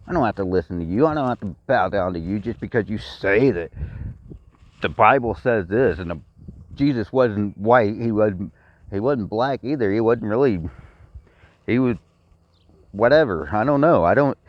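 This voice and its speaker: A man's voice: fairly low pitch, lively intonation, moderate pace, pauses often, dry recording. Angry profane Texan man ranting. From Texas. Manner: blunt and profane, repeats himself. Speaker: vlogger. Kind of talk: angry personal rant. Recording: dry, dull lo-fi sound.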